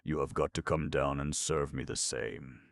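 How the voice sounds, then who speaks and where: A man's voice: extremely low pitch, normal speed, vocal fry, dry recording, studio quality. A man voicing a faithful talking dog in a storybook that insists on being beheaded, with threats. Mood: insistent. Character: faithful talking dog, male, stern and pleading.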